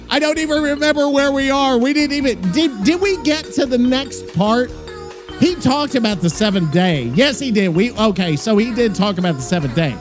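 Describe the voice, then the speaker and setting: Excitable male podcast host; high, bouncy delivery, loose and profane, soft music underneath. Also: normal speed. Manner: excitable, profane, thinks out loud. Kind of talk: casual rambling chat.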